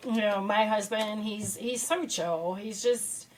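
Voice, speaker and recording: A woman's voice: mid-range voice, slow pace, rough recording. A woman guest on a podcast, chatting in a bubbly way and laughing often. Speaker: podcast guest, paranormal investigator. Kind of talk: casual chat.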